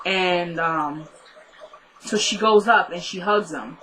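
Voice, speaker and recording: A young woman recapping a TV episode in a casual vlog, chatty and excitable, rambling with lots of "like"s. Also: on the low side, takes it slowly. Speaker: TV show reviewer.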